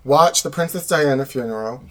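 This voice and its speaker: A man's voice: mid-range voice, normal speed, a bit bright. Man, podcast co-host, sassy, campy, dramatic, small closet studio. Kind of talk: casual comedic chat.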